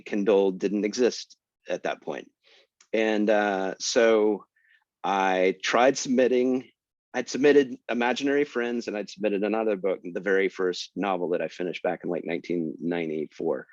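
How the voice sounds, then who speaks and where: Male guest author, lower voice, lively self-deprecating storyteller; dry, muffled call sound. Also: normal speed, no echo. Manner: animated, self-deprecating, jumps in pitch for emphasis. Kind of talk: casual storytelling talk.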